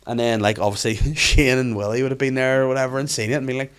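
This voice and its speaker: A man hosting a podcast, telling animated stories in casual chat and swearing freely. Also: mid-range voice, quick pace, few pauses. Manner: animated storytelling, frequent swearing. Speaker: podcast host.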